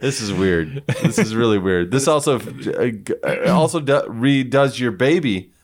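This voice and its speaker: Playful, animated male podcast co-host. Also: medium pitch, normal speed. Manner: playful, theatrical. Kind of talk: casual chat.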